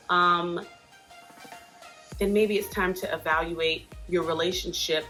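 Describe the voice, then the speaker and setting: A woman's voice: lowish voice, sharp tone. A woman hosting a casual advice talk, speaking in a chatty, earnest way with frequent asides. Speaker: host giving parenting support advice.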